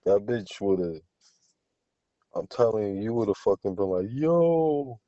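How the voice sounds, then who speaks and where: A man's voice: lowish voice, steady tone, a little slow, dark tone, no room sound, dull audio. A man co-hosting a podcast, bragging crudely in casual banter and laughing often. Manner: crude, boastful, laughs a lot. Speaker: podcast co-host.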